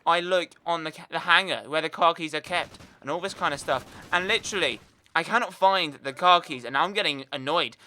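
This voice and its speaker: A man's voice: a little high, a little fast, pushed and bright. A young British man telling a rambling story in a casual gaming vlog, full of fillers. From United Kingdom. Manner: chatty, rambling, lots of fillers. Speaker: gaming YouTuber. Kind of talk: casual storytelling over gameplay.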